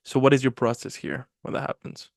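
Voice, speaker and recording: A man's voice: mid-range voice, a little fast, gravelly, dry recording, studio quality. A man hosting an interview, asking enthusiastic questions full of fillers. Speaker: host.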